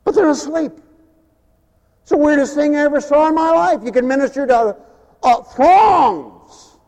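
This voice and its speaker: A man preaching a sermon in an animated way, swinging from loud bursts to low mumbles. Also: unhurried, big-room sound.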